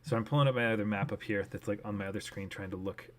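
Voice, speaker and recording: A man's voice: on the low side, steady tone, very fast. Casual man streaming, thinking aloud. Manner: thinking aloud, mixing English and learner Japanese. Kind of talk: casual live-stream commentary.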